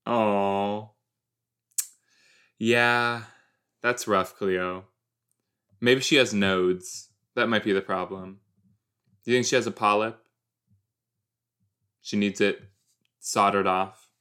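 A man's voice: lowish voice, fairly even intonation, takes it slowly, pauses often, pushed and bright, smooth. A man hosting a casual reaction show, chatty and rambling, full of restarts and wry, teasing jokes. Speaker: podcast host reacting to a teen TV series.

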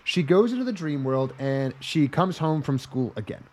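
A man's voice: fairly high pitch, animated, moderate pace, darkish tone. A man co-hosting a podcast, recapping an anime in casual, joking, profane chat. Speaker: podcast co-host reviewing an anime.

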